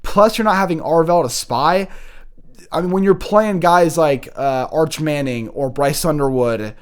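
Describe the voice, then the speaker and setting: A young man talks through college football analysis in a loose, unscripted way, often stopping to restart or correct himself mid-sentence. His voice sits a little higher than most men's. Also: a little slow, clean tone. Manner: rambling, frequent restarts and self-corrections. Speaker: college football show host. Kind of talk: casual sports analysis.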